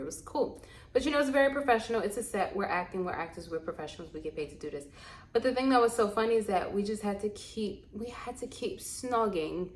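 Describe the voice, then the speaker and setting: A young woman tells stories in a lively, chatty way, laughing and mimicking people as she goes. Her voice bounces around an echoey room, with a faint hum of ambience underneath. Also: medium pitch. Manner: animated, laughing, acts out quotes. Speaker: vlogger and actor. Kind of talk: casual storytelling to camera.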